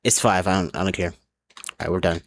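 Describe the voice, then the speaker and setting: A man with a somewhat low voice gives loose live commentary while he plays. He sounds a little drunk, swears freely and keeps repeating and restarting his sentences. His talk wanders from one thought to the next. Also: steady tone, a little fast. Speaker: streamer. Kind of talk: casual live gaming commentary.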